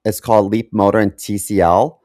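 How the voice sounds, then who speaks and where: Hesitant low-voiced man, dry mic. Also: steady tone, brisk, dark tone, dry recording. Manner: hesitant, lots of ums, wry asides. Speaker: podcast co-host. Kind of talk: casual chat.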